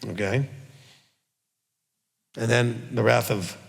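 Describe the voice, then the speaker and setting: A man's voice: mid-range voice, steady tone, slow, vocal fry. A man, teaching as a rabbi in a folksy sermon style, often checking in with "okay?". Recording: long hall reverb.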